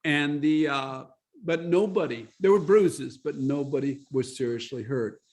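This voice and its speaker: Man with a high voice, Bible study leader; animated storyteller who acts out the dialogue. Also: a little slow. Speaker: Bible study leader sharing his testimony. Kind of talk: storytelling testimony.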